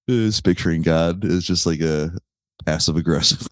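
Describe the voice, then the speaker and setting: A man's voice: deep voice, normal speed, no room sound, clean studio sound. A man in his thirties hosting a solo podcast, rambling and swearing casually, laughing at his own jokes. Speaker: podcast host.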